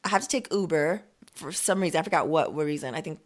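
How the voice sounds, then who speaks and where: A woman co-hosting a podcast, telling a story in casual chat with lively, profane asides and acted-out quotes. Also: deep voice, fast. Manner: animated storytelling, lots of swearing and acted-out quotes. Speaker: podcast co-host. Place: home. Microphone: remote recording.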